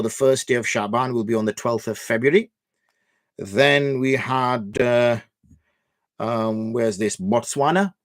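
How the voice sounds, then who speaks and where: A man's voice: mid-range voice, no room sound, studio quality. A man hosting a religious question-and-answer livestream, talking loosely and thinking aloud with many fillers. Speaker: mufti hosting Q&A. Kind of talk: casual livestream talk.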